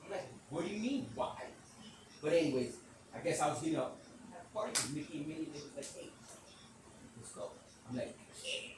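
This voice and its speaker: A man hosting a podcast, telling a rambling, animated story in speech, swearing casually and acting out the quotes. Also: sits high, brisk, recorded from a distance. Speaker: podcast host. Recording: echoey room, off-mic, background noise.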